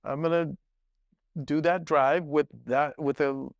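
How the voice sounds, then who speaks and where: A man's voice: on the high side, steady tone, slow, clean tone, no echo, highs cut off. A middle-aged man who is a guest on a podcast, telling long stories in a rambling way with many restarts and asides. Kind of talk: casual storytelling.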